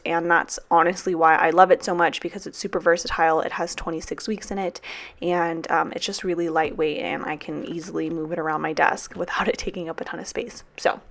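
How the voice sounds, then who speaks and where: A woman in her twenties chatting casually in a voiceover for her planner vlog. She is tired and drained, and she rambles and swears freely. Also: on the low side. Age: 20s. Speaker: planner vlogger and teacher.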